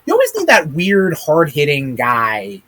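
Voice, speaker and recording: A man's voice: a little high, wildly swooping pitch, measured pace, sharp tone. A man hosting a live-streamed wrestling chat, rambling with many ums and casual swearing. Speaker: podcast host. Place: streaming room with a big chat monitor.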